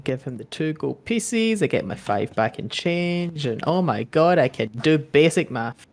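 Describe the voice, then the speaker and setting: A man's voice: fairly high pitch, sing-song, measured pace. A young man playing his character in a tabletop game over a voice call, playful and hesitant. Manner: playful, giggly, hesitant fillers. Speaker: player. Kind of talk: tabletop role-play with friends.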